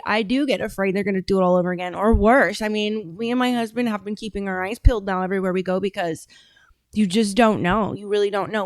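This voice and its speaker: A woman's voice: on the high side, no echo. A woman hosting a casual political commentary podcast, talking bluntly and rambling, with frequent restarts. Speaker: podcast host and political candidate.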